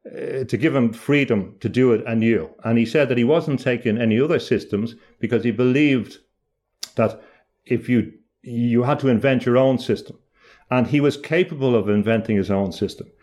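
A man with an ordinary mid-range pitch talks as an interview guest. He thinks aloud, pausing with "uh" and restarting phrases as he works through an idea. The delivery is reflective and unhurried in spirit. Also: a little mellow. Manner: thoughtful, halting, often restarts mid-phrase. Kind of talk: reflective conversational explanation.

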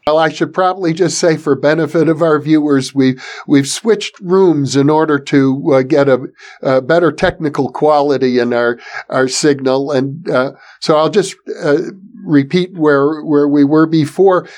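Man hosting an interview, measured. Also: fairly high pitch, a little mellow. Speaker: interviewer, host. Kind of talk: conversational interview.

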